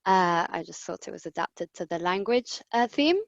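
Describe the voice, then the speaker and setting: A woman's voice: fairly low pitch, lively intonation, normal speed, gravelly, dry recording, dull audio. A woman presenter leading voice and breathing exercises on a video call, giving friendly step-by-step instructions with many ums. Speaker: voice coach presenter. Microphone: computer mic on video call.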